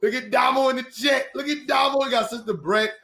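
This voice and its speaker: A high-pitched man hosts an online gathering, his voice bouncing around an echoey room. He talks in an energetic, hyped, slangy way and keeps calling out to people by name. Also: fairly quick, vocal fry. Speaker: host of an online community meeting. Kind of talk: casual, excited hosting.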